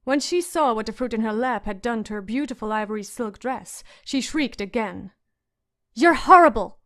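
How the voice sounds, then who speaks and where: A woman narrating a fantasy audiobook in a measured storytelling manner. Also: a little high.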